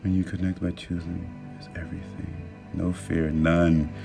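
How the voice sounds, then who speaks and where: A man with a very deep, gravelly voice chats on a phone live stream at home, reading comments and offering warm, affirming words. He often jumps into excited, stumbling bursts, and a song plays faintly behind him. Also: moderate pace. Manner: warm, affirming, talks about love and manifesting. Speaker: TikTok live host. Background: soft music playing.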